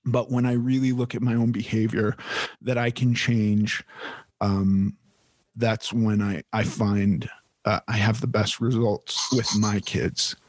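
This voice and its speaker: A man's voice: fairly low pitch, flat delivery, unhurried, no echo. A man hosting a podcast, talking candidly in casual chat, with frequent restarts and casual swearing. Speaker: podcast host.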